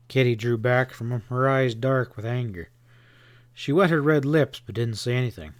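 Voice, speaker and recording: A man reading a western novel aloud as audiobook narrator, in an even, unhurried storytelling manner. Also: medium pitch, no echo. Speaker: audiobook reader. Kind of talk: scripted narration.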